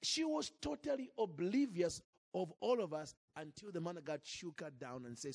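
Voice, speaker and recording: A man preaching a sermon into a microphone in church, telling a story in a lively, acted-out way. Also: high-pitched, moderate pace, vocal fry, dry recording, studio quality. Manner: animated, acts out scenes and jokes with the crowd. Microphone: handheld or stand mic.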